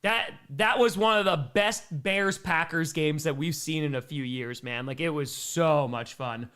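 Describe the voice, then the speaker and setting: A man doing excitable live play-by-play and reactions on a stream, reading out fan messages, a bit out of breath. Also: on the high side, unhurried, smooth. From Wisconsin, United States. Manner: excitable, hyped, reads fan messages aloud.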